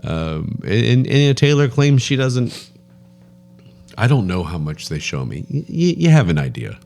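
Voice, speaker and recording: A man's voice: medium pitch, very animated, moderate pace, vocal fry, a little mellow. A man co-hosting a podcast, talking in a joking, rambling way and often repeating his words. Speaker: podcast co-host. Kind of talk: casual chat.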